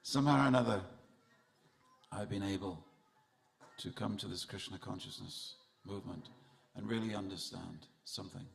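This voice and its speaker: A creaky, low-sitting male voice at normal speed carries a festival sermon through a temple hall. The preacher shares humorous stories and talks directly to those gathered.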